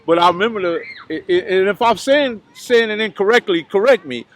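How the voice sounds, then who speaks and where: A man hosting an interview, recalling things in a halting way and searching for his words. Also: sits high, a bit bright, slight background noise. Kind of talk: casual interview chat.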